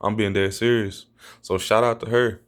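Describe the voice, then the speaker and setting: Man, low-ish voice, casual storyteller who keeps swearing it's true and jumps high to act out quotes. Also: moderate pace. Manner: animated, acts out quotes in a raised voice; repeats himself, insists it is true.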